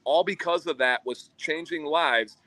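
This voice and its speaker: A man's voice: fairly high pitch, a little slow, bright, forceful tone, no room sound, poor audio. A man co-hosting a livestream, earnestly telling a story about his community. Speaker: co-host. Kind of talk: livestream chat.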